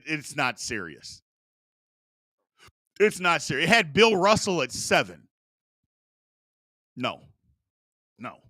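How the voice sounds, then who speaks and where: A man's voice: high voice, pushed and bright, no echo, clean studio sound. A man hosting a sports talk show, arguing his opinions emphatically and repeating points for emphasis.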